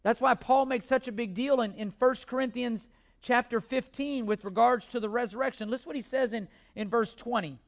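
A man's voice: very high-pitched, moderate pace, gravelly. A male pastor preaching a sermon with emphatic repetition and occasional restarts.

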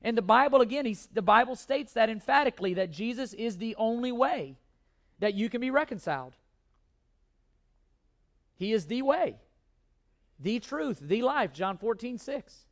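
A man's voice: very high-pitched, lively intonation, normal speed, long pauses. A male pastor preaching a sermon with emphatic repetition and occasional restarts.

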